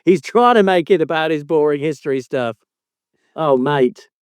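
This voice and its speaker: A man's voice: on the high side, animated, moderate pace, clear, resonant tone, dry recording. A man hosting a podcast in casual chat, teasing his co-host with mock indignation and free swearing.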